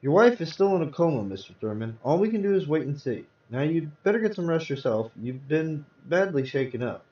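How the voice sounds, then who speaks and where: A man reading aloud, voicing a hospital doctor who speaks in a measured, matter-of-fact way. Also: on the high side, very animated, a little mellow. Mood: calm. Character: male hospital doctor, calm and firm. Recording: roomy, distant, dull sound.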